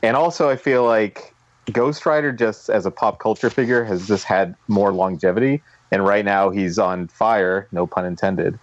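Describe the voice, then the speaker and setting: A man judging a casual podcast debate, speaking deliberately with some hesitation and light jokes. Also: lowish voice, muffled recording. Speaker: podcast judge.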